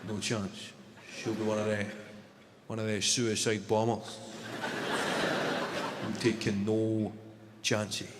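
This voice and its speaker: A man voicing a grumbling middle-aged bigot on a train, low and conspiratorial, recorded in an echoey hall. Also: flat delivery, slow pace, long pauses, heavy background noise. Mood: suspicious.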